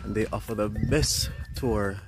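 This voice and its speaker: Out of breath guy hiking in the jungle, talking to the cam slow and low, music under it. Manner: excited, breathless, addresses viewers as guys. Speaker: travel vlogger. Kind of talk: hiking vlog to camera. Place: outdoors in rainforest hills.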